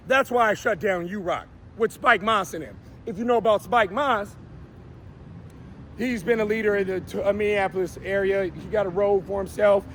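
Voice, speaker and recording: Out on a downtown city street, a show host delivers a fiery, confrontational live rant, calling people out by name. His very high-pitched voice is a bit bright, and there's a little hiss or hum.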